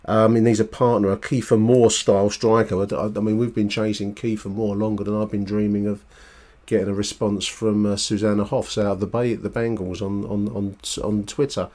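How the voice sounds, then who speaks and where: A fan podcast host answers listener voicemails in a casual, chatty ramble full of fillers and restarts. He speaks briskly in a lowish, darkish voice with little pitch movement.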